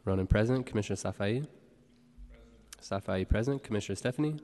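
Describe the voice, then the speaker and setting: A man working as a board clerk, calling the roll and reading meeting announcements in a brisk, procedural way. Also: lowish voice, a little mellow. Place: large legislative chamber. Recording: reverberant council chamber.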